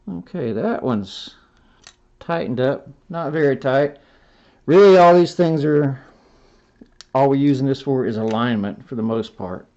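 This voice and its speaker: A man's voice: mid-range voice, a little mellow. A man narrating a hands-on robot build tutorial in a folksy, self-talking way, stopping to correct himself as he works. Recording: dull lo-fi sound.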